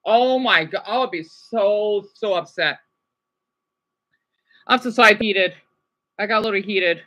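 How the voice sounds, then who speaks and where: A woman livestreaming, reacting to videos and chat, swinging between furious rants and quiet apologies. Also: mid-range voice, lively intonation, a little slow, long pauses.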